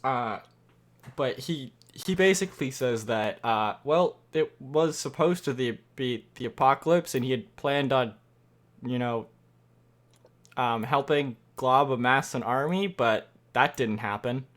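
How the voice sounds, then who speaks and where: A man narrating as dungeon master, speaking quietly and hesitantly with many fillers. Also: mid-range voice, a little slow. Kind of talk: narrating a tabletop game. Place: home room at night.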